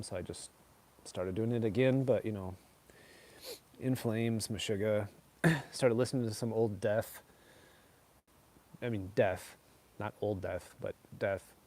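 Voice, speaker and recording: A middle-aged man answers his viewers in a loose, rambling chat, padding his sentences with "like" and "you know." His voice sits on the lower side and has a dark, mellow tone. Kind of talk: casual chat.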